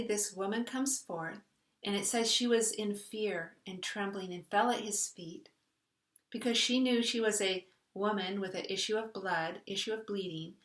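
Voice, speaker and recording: A woman's voice: medium pitch, a bit bright, distant mic. A woman hosting a reflective spiritual talk. She speaks earnestly and conversationally. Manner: earnest, conversational, retells a story with voiced quotes. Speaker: host. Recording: echoey room, voice a bit off-mic.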